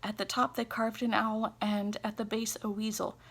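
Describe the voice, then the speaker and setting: A woman reading a traditional folktale aloud at an unhurried pace, pausing now and then to correct herself. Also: medium pitch, flat delivery, creaky, slightly rough. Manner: unhurried reading with small restarts and self-corrections. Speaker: storyteller.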